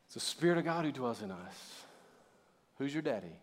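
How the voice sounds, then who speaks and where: A middle-aged male pastor preaching a sermon in a lively, conversational way, calling on the audience to respond. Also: mid-range voice, normal speed. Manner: casual, conversational asides.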